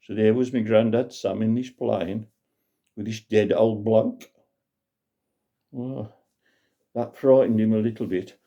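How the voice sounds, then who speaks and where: A man's voice: fairly low pitch, fairly even intonation, takes it slowly, gravelly, pauses often, warm tone. A man telling a comic folk tale in a chatty, rambling way. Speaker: storyteller. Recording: dull lo-fi recording.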